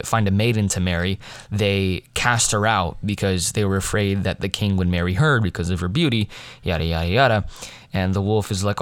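A high school boy tells a meandering story in a relaxed vlog, slipping into fillers and restarts and laughing at his own tale. His voice sits on the low side for his age group, and the recording is dry and close with no room sound. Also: smooth, dry recording. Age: teens. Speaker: high school student vlogger. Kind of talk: casual storytelling.

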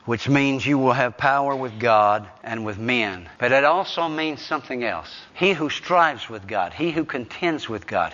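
A male preacher delivering a dramatic sermon in a church hall. He swings from loud to hushed and keeps asking the congregation questions. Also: mid-range voice. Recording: echoey hall, dull lo-fi sound.

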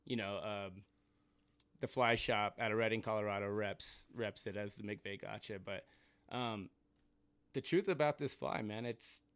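A man who is a guest on a podcast and a fly fisherman, talking in a relaxed, casual way with many fillers. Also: fairly low pitch, no room sound. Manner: relaxed, laid-back, lots of fillers like "you know" and "um". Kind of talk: casual chat.

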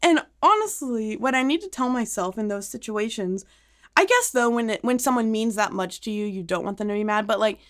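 Female podcast co-host, high and lively, laughing storyteller. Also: a little fast. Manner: animated storyteller, laughs often, acts out quotes. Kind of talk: casual chat.

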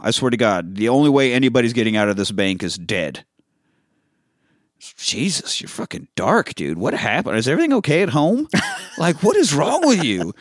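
A man's voice: mid-range voice, no echo, studio quality. Laughing, profane man recapping a film. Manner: loose, profane, laughs often mid-sentence. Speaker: podcast host. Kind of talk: casual movie recap chat.

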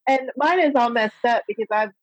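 A woman's voice: on the high side, brisk, no echo, dull audio. A woman author from Texas, a guest on a casual interview, friendly and teasing as she talks. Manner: friendly, teasing, laughs at herself.

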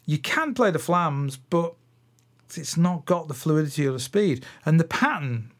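Man, middle-aged, drum teacher, casual rambling podcast talk, thinks aloud, counts patterns out loud. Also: on the high side, lively intonation, measured pace. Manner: rambling, thinks aloud with many fillers and restarts. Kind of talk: casual solo podcast chat.

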